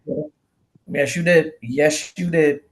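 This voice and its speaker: A woman's voice: low voice, slow. A woman co-hosting a casual chat, telling an emotional story and acting out quoted voices. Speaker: guest co-host.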